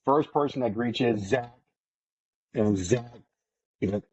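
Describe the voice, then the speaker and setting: An excitable man tells a podcast story with heavy swearing, acting out his own lines as he goes. The sound is muffled and dry, with no room echo. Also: medium pitch, normal speed, husky. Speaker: podcast co-host. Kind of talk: casual storytelling chat.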